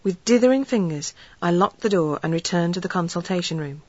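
A woman narrating a story in an earnest, measured storytelling way. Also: on the low side, animated, a little mellow, breathy edge, dry recording, muffled recording. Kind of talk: audiobook narration.

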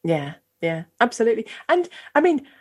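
Lively, breathy woman podcast host. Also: a little high, normal speed. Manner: enthusiastic, affirming, laughs easily. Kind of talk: podcast interview conversation.

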